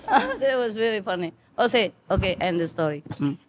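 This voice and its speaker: Over a meal with listeners, an older spiritual teacher tells her disciples a personal story in easy conversation, laughing frequently and filling her speech with fillers. She talks at a normal speed with hardly any pauses, her mid-range voice animated against a noisy background.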